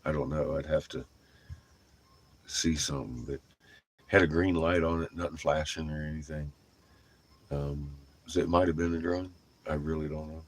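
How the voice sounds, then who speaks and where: A man's voice: very deep voice, fairly even intonation, normal speed, long pauses. A middle-aged man telling a rambling, casual story, swearing freely and laughing often. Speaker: vlogger.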